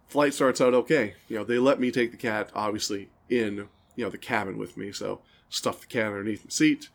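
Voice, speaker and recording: A man's voice: on the low side, fairly even intonation, brisk, creaky. A man co-hosting a podcast, telling long, rambling stories and laughing at them in casual chat. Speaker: podcast co-host.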